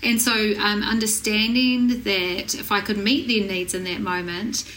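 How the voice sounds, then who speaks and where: A woman in her forties, a parenting guest, talking earnestly and warmly affirming in casual conversation. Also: medium pitch, steady tone, measured pace, a little hiss or hum, low-quality recording. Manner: earnest, affirming, with short agreeing replies.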